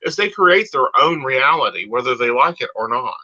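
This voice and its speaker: A man's voice: medium pitch, expressive, normal speed, pushed and bright. A man co-hosting a live psychic talk show, speaking emphatically and confidently. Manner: emphatic, confident, calls people honey. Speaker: psychic co-host. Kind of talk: casual chat on a live show. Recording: dull lo-fi audio.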